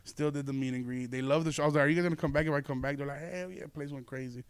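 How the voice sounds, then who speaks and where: A man's voice: medium pitch, steady tone, racing, smooth, no room sound. A young man hosting a podcast, telling a loose, profane story with lots of laughing. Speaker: podcast host and comedian. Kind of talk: casual storytelling chat.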